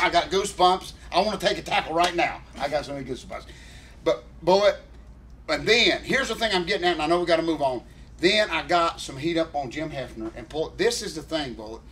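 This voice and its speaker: A podcast co-host with a somewhat high, slightly bright voice tells a rambling, heartfelt story, earnest and emotional in tone. He keeps stopping to check in with his co-host by name, and a faint hiss of background noise runs underneath.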